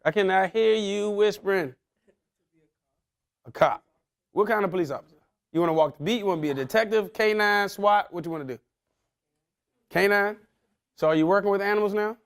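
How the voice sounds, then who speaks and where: A man's voice: high-pitched, fairly quick, long pauses, clean tone. A man giving a motivational talk, quizzing his young audience in casual slang. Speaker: motivational speaker.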